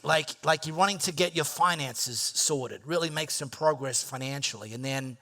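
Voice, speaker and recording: A man preaching a sermon, telling personal stories in an animated, playful way and acting out his own reactions. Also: a little high. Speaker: pastor.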